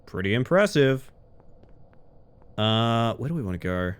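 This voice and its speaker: A man streaming a game live, chatting with his viewers, excitable, swearing and yelping at every surprise. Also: medium pitch, measured pace, clean tone. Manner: chats with viewers.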